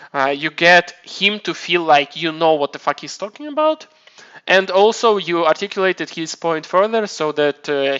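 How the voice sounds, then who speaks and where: A man's voice: on the high side, pushed and bright, clear, resonant tone, dull audio. A man casually chatting on his live stream, rambling and swearing, often restarting his sentences. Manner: rambling, profane, self-mocking, many restarts.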